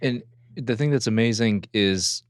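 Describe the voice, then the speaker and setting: Smooth-voiced man hosting a faith show. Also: fairly low pitch, measured pace, dry recording. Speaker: host. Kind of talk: faith talk show interview.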